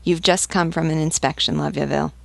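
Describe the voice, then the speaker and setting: A woman's voice: low voice, steady tone, fairly quick, vocal fry, no echo. A woman reading the lines of a terse male naval captain preparing for battle, in clipped questions.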